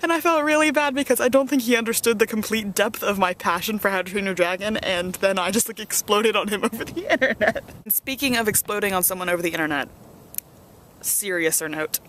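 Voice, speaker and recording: A young woman vlogging in casual chat, excitable and rambling with many fillers, outdoors on a windy hilltop. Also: medium pitch, brisk. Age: young adult.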